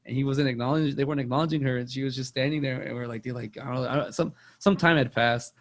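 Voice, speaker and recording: A man's voice: mid-range voice, steady tone, fast talker. A young man, rambling through a casual movie chat on a podcast and repeating words as he tells stories. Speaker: podcast co-host.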